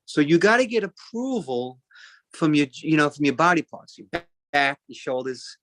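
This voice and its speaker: A man's voice: fairly high pitch, sing-song, normal speed, fairly bright tone, dry recording. A man in his forties doing a stand-up routine, rambling and chatty, with lots of fillers and asides. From Italian-American. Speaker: stand-up comedian.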